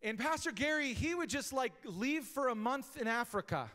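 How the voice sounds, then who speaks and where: A man preaching a sermon as pastor, talking casually and rising to shouted emphasis, recorded live in a church. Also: extremely high pitch, lively intonation, moderate pace. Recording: live church hall reverb.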